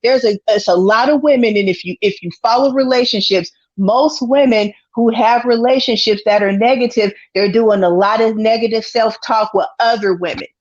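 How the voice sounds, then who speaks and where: A woman with a somewhat high voice leads a casual panel talk and gives advice earnestly, often repeating herself. The recording sounds dull and lo-fi. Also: normal speed, few pauses, darkish tone. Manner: earnest, advising, repeats phrases.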